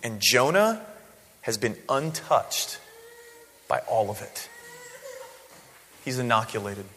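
A man preaching a sermon in a church, conversational and animated, often checking in with "right?". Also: mid-range voice, slow pace, slight background noise. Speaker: pastor. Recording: long hall reverb.

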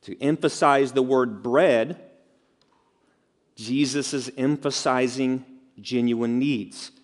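Pastor, male, mid-pitched voice, chatty sermon delivery, long hall reverb. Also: steady tone, slow. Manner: conversational preaching with asides and rhetorical questions.

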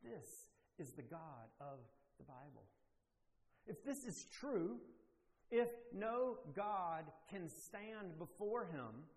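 A man's voice: high-pitched, very animated. Emphatic male preacher in an echoey hall. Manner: emphatic, rising to forceful declarations with slow deliberate pauses. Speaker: pastor. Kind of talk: sermon.

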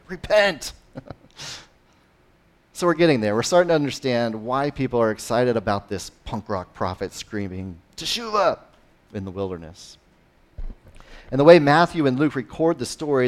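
A man preaching a sermon in a conversational style, rising and dropping in loudness and pitch, with frequent "right?" asides. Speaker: pastor.

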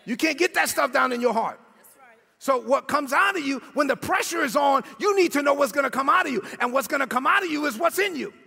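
A man preaching an energetic sermon in a church, often shouting and calling on the congregation to repeat his words. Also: very high-pitched, brisk, vocal fry. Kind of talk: energetic sermon with call-and-response. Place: church sanctuary. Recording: long hall reverb with faint music.

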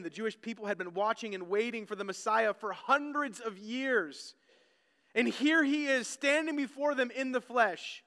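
The pitch here is extremely high, and his pushed, bright tone carries through a long church hall reverb. He's a pastor preaching a sermon, earnestly telling stories and frequently repeating words whenever he restarts a phrase.

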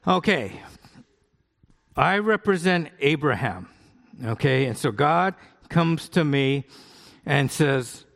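Middle aged pastor from the us chatting thru a sermon, bit high voice, long hall echo. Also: male voice, expressive, takes it slowly, creaky, pauses often, a bit bright. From United States. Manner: conversational, asks the congregation questions. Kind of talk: sermon with live demonstration.

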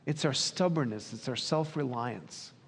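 A man's voice: medium pitch, measured pace, creaky, breathy edge. A man preaching a sermon in an earnest, questioning way, sometimes acting out quoted dialogue. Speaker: pastor. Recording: long reverb of a hall.

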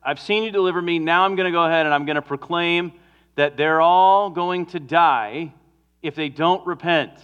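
A preacher putting on a sulking, exasperated prophet. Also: male voice, on the high side, moderate pace, a bit bright, clear, resonant tone, highs cut off, close to an everyday voice. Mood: anxious. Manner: complaining, raised and agitated. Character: exasperated sulking male prophet, grown man.

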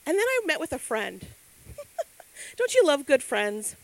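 A middle-aged woman giving a sermon, telling stories with lively acted-out quotes. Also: sits high, a little slow, dry recording, poor audio. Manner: animated storytelling with acted quotes. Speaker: speaker.

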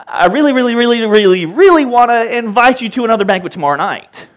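A man's voice: high voice, wildly swooping pitch, very fast, pushed and bright, voice pushed up, heavily acted. A man putting on the voice of a coy, playful young queen with a sing-song, teasing manner.

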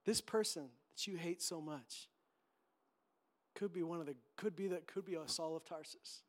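A man's voice: fairly high pitch, moderate pace. A man preaching a sermon as pastor, emphatic and impassioned, acting out quotes as he goes.

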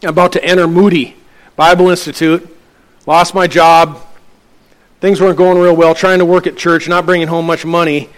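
Middle-aged pastor preaching a story. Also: male voice, flat delivery, moderate pace. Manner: storytelling, acting out dialogue with lifted pitch. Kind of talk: sermon.

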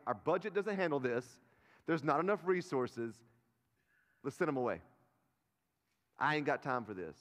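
Animated pastor preaching in a reverberant hall. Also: male voice, high-pitched. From North Carolina, US. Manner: animated, swings from loud bursts to quiet asides. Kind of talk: sermon. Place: church auditorium. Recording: long reverb of a church hall.

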